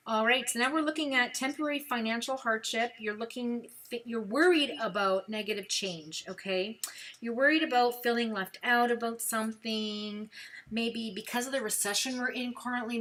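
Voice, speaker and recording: A woman's voice: on the high side, a little fast. A woman with a Brooklyn accent giving a chatty live-stream tarot reading, talking straight to the viewer with plenty of fillers. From New York. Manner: chatty, animated, lots of fillers. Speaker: tarot reader.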